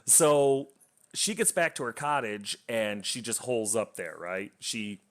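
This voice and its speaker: A man's voice: fairly low pitch, measured pace, fairly bright tone. Rambling man retelling a book plot. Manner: rambling, with many fillers and restarts. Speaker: book reviewer.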